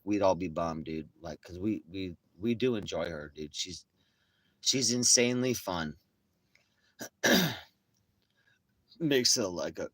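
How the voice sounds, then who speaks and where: Profane, rambling bright-voiced man. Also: sits low, dry recording. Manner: rambling, profane, slangy storytelling. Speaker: streamer. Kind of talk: casual chat to viewers.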